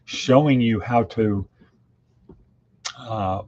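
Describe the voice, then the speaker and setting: A man's voice: lowish voice, very slow, darkish tone. A man hosting a daily podcast in a casual, folksy monologue full of plain-spoken idioms. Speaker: podcast host. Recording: dull lo-fi with faint hiss.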